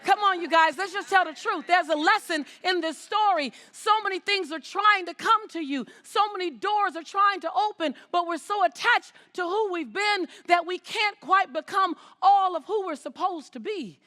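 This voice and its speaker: A woman's voice: very high voice, moderate pace, hardly any pauses, bright, forceful tone. A woman giving an inspirational talk on stage before a live audience, speaking emphatically, repeating her phrases and calling out to the crowd. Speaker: motivational speaker.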